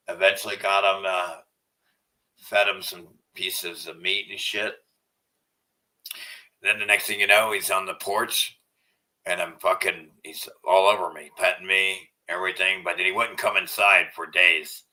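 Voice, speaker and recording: A man's voice: low-pitched, level tone, measured pace, long pauses, far from the mic, low-quality recording. A man talking casually to camera in a profane, rambling way, repeating himself, and at times cooing to his dog. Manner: soft cooing baby talk to his dog. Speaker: vlogger.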